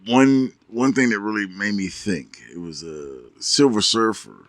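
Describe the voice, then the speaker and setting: A man co-hosts a casual podcast with a lively, up-and-down delivery, tripping over his own words and laughing as he goes. His voice is bright and slightly low, recorded dry and close. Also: measured pace, dry recording. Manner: animated storyteller, stammering restarts, frequent laughs. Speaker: podcast co-host.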